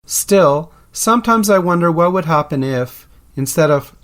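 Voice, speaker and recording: A man's voice: fairly high pitch, a little slow, few pauses. A man hosting a podcast, narrating from a script in a playful, explanatory way. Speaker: podcast host.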